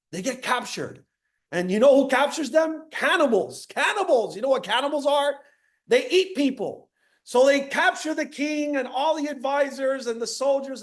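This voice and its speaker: A man from Miami gives an audience a high-energy motivational talk, repeating key phrases and putting questions to the crowd.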